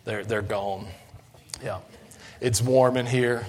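Folksy pastor preaching. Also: male voice, fairly even intonation, takes it slowly. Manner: folksy, asks the congregation questions, rises in pitch and force when preaching. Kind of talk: sermon.

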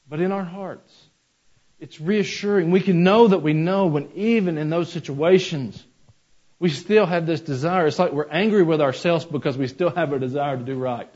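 A man's voice: fairly high pitch, lively intonation, moderate pace, darkish tone, husky, dull audio. A man preaching a sermon as pastor, mixing scripture with folksy personal stories and asides to the congregation.

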